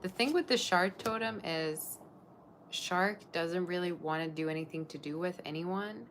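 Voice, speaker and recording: Low-voiced woman doing live tarot. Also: a little slow, fairly bright tone, slight background noise. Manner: gushing, chatty, thanks viewers. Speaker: tarot reader. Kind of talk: live-stream tarot reading.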